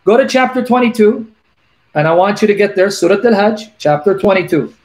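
Male call-in host, fairly high voice, insistent, drills each verse slowly. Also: animated, darkish tone. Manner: emphatic, repeats references, reads verses slowly. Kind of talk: call-in debate on scripture.

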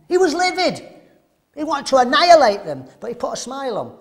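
A man preaching at a men's seminar, animated and throwing rhetorical questions to the audience. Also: extremely high pitch, quick pace.

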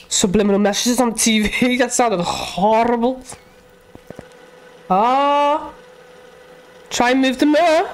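A young woman, chatting and reacting as she plays a horror game, talking to herself and shrieking when scared. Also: high-pitched. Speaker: gaming YouTuber. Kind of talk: casual let's-play commentary.

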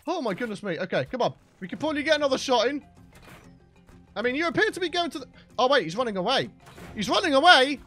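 High, excitable man gaming. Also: fast. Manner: shouty, exclaiming, jokey insults at his pets. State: losing his voice. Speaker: gaming channel host. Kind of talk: excitable gameplay commentary. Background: game background music.

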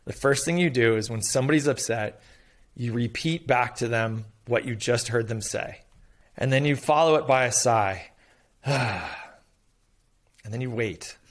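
A middle-aged man talking frankly in an interview, swearing freely as he explains things. His voice sits at an ordinary pitch for a man. He acts out quoted lines as he goes and lets out the odd sigh. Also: normal speed. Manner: candid and profane, acts out quotes, occasional sighs. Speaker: investor guest. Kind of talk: casual interview talk.

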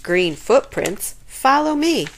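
A woman's voice: high voice, very animated, slow pace, voice pushed up, heavily acted. A woman voicing a crabby Halloween witch who hisses curt orders in a storybook reading. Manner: hissing, curt. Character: cranky hissing Halloween witch, female.

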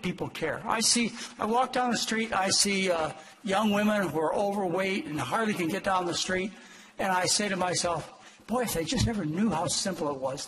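An older man, a doctor, lecturing an audience in an emphatic, exhortative way with sudden leaps in pitch. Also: a bit bright, poor audio. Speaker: doctor giving a talk.

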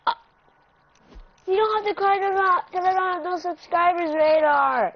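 A woman's voice: very high voice, normal speed. A woman vlogging casually, talking to her pet animal in a soothing, coaxing way with little laughs. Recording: dull lo-fi recording.

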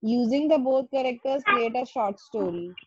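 A woman's voice: on the high side, lively intonation, normal speed, breathy edge, no echo. A woman teacher, giving instructions to her class over a video call and repeating herself to make her point. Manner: firm, repeats and rephrases instructions. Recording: muffled lo-fi call audio.

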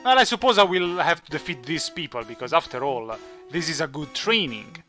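A man who is not a native English speaker chats his way through a let's play, joking and thinking aloud. His voice is bright and swings up and down with excitement. Game music plays faintly behind him. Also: on the high side, brisk. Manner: chatty, jokey, thinks aloud. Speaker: gaming channel host.

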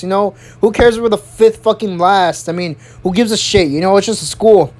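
A young adult in their early twenties telling a storytime tale with a lot of swearing and tangents. The delivery is animated and rambling at a middle pitch. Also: brisk, hardly any pauses. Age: early 20s. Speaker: vlogger. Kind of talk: storytime vlog.

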